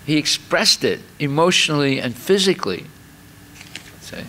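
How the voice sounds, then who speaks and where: A man's voice: a little high, expressive, moderate pace, bright, forceful tone. A man giving a spiritual lecture, explaining in a chatty way with many fillers and repeated words, and acting out little scenes with exclamations. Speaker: speaker giving a scripture class.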